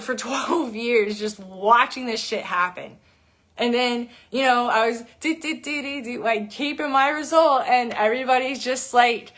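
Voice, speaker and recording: Woman fitness coach in her thirties, fairly high voice, profane blunt rant, hammers points with repetition. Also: fairly bright tone. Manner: profane, emphatic, repeats words for stress. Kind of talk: blunt unscripted rant to camera.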